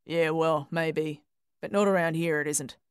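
A woman voicing a taciturn, blunt farmer man who mutters his words gruffly. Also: a little high, steady tone, measured pace, no room sound, studio quality, lightly acted. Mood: grumbling. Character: taciturn blunt middle-aged male farmer.

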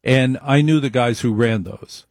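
A man's voice: medium pitch, a little slow, darkish tone, dry recording, clean studio sound. A man giving an opinionated monologue, emphatic, repeating his points and wandering into asides.

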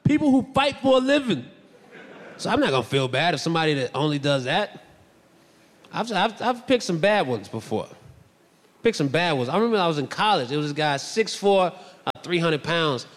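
A man doing a stand-up comedy set on stage, animated and breaking into loud shouted bits. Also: a little high, moderate pace. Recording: reverberant hall with faint ambience.

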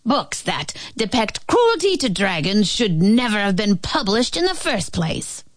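A woman's voice: medium pitch, sing-song, unhurried, no echo, voice pushed up. A woman voicing a stern fire-breathing female dragon librarian who talks in a dry, haughty, scolding way. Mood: scornful.

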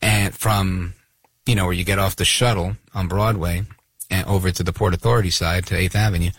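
A man hosting a talk radio show, giving sarcastic, animated commentary. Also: low voice, a little fast, breathy edge, dry recording. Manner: sarcastic, animated, acts out voices of others.

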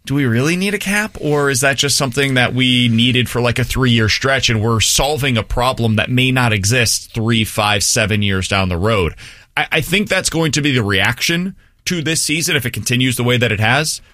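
A male sports radio host with a bright, forceful voice and dry studio sound. He argues his views at length and stops to put questions to his co-host. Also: medium pitch, normal speed, no room sound. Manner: opinionated, thinks out loud.

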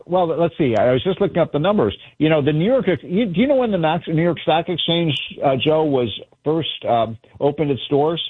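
A man calling in as a guest on a radio show, talking in an animated, fired-up way and telling stories. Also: fairly high pitch, moderate pace, hardly any pauses, slightly rough, dry recording. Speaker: guest commentator. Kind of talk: radio interview by phone. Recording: tinny phone line.

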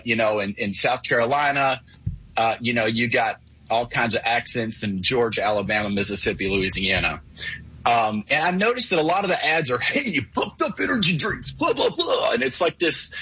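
A man calling in to a radio talk show, explaining his points at length in an earnest, measured way. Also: medium pitch, bright, forceful tone, husky. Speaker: caller. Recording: dull lo-fi call audio.

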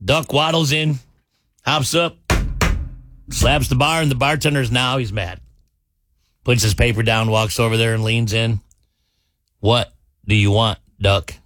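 A male morning radio host in a dry, close-miked studio, chatting casually and then telling a joke. He acts out a gruff bartender and brings the characters to life. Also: medium pitch, fairly even intonation, measured pace, pauses often, fairly bright tone, no room sound. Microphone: studio mic.

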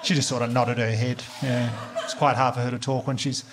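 A man with an Australian accent doing a crude stand-up comedy set with deadpan storytelling and crowd work before a live audience. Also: medium pitch, a little fast, background noise.

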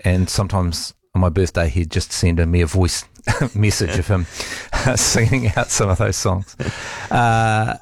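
A radio host, a man, speaks about a friend in a halting, heartfelt way, with restarts and soft laughs. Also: deep voice, fairly even intonation, vocal fry, dry recording.

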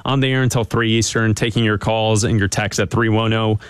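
A man co-hosting a sports radio show, chatty and teasing with his partner and reading promos briskly. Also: fairly low pitch, fairly even intonation, clean tone, dry recording. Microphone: studio microphone.

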